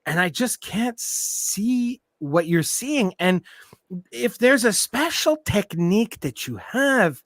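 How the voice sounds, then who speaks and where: Male guest, high pitched and earnest, animated delivery, dry recording. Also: takes it slowly, dry recording. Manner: earnest, animated, swears casually. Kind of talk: casual livestream chat.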